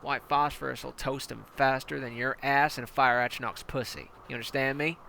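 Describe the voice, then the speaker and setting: A man's voice: medium pitch, fairly even intonation, a little fast, creaky, sharp tone, slight background noise. A man playing a brutal, profane male tank commander who barks orders with contempt. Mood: menacing.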